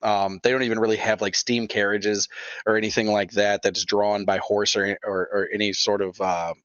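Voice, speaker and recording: A man narrating as game master in a tabletop game, with a bright, forceful voice. He rambles loosely and swears freely. The recording is dry and a bit dull. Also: fairly low pitch, flat delivery, moderate pace, dry recording.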